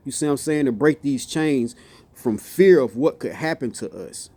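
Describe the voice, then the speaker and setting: Animated and warm, this mid-range male voice moves at a moderate pace in a dry recording. The motivational speaker rambles passionately off the cuff, casually repeating "you see what I'm saying" and stumbling into restarts.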